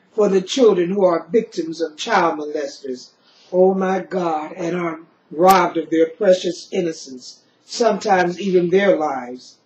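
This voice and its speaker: A woman's voice: on the low side, dark tone, a little hiss or hum. A middle-aged woman giving a solemn, grieving spoken-word poetry recital, leaning on a repeated refrain. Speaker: poet. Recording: roomy, dull lo-fi recording.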